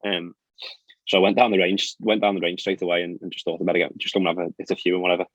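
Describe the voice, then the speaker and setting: The young golfer's low-pitched voice stays flat as he rattles off stories during a relaxed podcast chat, laughing and using lots of fillers. The dry recording has a dull, lo-fi quality.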